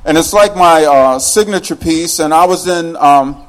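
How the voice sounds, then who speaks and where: A man's voice: fairly high pitch, measured pace, low-quality recording. A man from West Virginia, a spoken word poet, delivering his poems live on stage with a rhythmic, rhyming, swaggering flow. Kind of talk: spoken word poetry performance.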